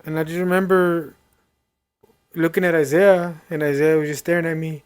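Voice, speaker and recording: A young man sharing a painful family memory with his brother, halting and choked up at times. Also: a little high, fairly even intonation, smooth. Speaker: podcast co-host, brother. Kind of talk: emotional personal storytelling.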